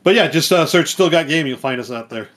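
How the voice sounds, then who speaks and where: A man's voice: a little high, expressive, a little fast, a bit bright. A man from Long Island, a guest on a gaming podcast, talking casually with easy laughs. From Long Island, USA.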